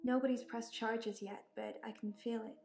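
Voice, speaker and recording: An actress with an American accent playing a young woman patient in a video game, calmly matter-of-fact about her strange blackouts. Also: a little high, moderate pace, gravelly, echoey room, music in the background.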